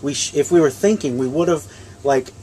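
A man's voice: a little high, brisk, warm tone, a little hiss or hum. A man from Minnesota chatting casually at his home, telling a story in an easygoing way. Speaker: vlog co-host. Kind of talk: casual chat.

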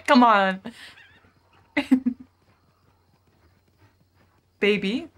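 A woman's voice: a little high, lively intonation, very slow, a bit bright. Giggly, chatty young woman streamer. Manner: bubbly, giggly, chatty with chat and friends, swears casually. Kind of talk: casual live-stream chat while gaming.

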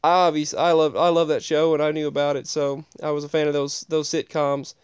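A man's voice: a little high, level tone, fairly quick, clean tone, no echo. A man casually telling a personal story in a rambling, digressive way, often restarting his sentences.

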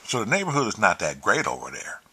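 A man telling a profane, animated story, acting out the quotes. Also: lowish voice, fast, breathy edge. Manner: animated, swears freely, acts out quotes. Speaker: vlogger.

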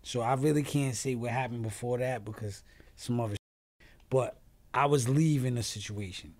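A man's voice: medium pitch, moderate pace. A man, a podcast guest telling a story in casual talk, acting out what others said and swearing freely, often trailing off and restarting. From New York. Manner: animated storyteller who acts out quoted voices, swears freely; trails off and restarts mid-sentence.

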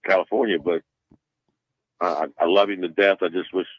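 Male phone-in guest, very low voice, tinny phone sound, halting storyteller. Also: steady tone, dry recording. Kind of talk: casual chat.

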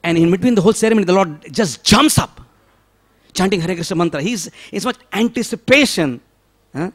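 A man preaching a devotional sermon, storytelling with dramatic swings from loud pleading to hushed whispers and frequent rhetorical questions. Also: sits high, lively intonation, fairly quick.

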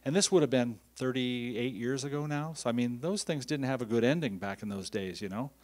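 A man who writes books, telling a story in a casual, lively way and acting out what other people said. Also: brisk. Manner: animated, acts out quoted voices with rising pitch; conversational, uses many "you know" fillers. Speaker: author telling stories.

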